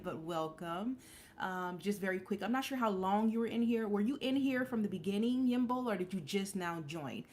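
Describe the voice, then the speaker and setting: Woman, forties, live-stream host, lowish voice, rambling candid chat. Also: a little hiss or hum. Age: 40s. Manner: candid, rambling, many restarts and fillers. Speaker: livestream host.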